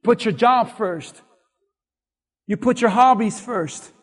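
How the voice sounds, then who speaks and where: High-voiced preacher in a reverberant hall. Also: male voice, slow pace. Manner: animated, rising to shouts at points. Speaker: pastor. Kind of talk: sermon.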